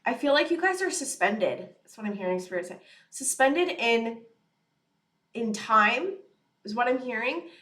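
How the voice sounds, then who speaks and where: A woman's voice: on the high side, big pitch swings, fast talker, hardly any pauses. Earnest woman tarot reader, echoey room. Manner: earnest, rambling, many fillers like "you know" and "it's like". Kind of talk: casual channeled tarot reading to camera.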